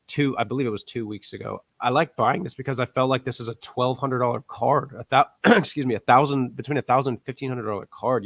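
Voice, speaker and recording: A man co-hosting a casual podcast, pitching his investment picks with upbeat, rising emphasis. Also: a bit bright, no echo. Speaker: co-host.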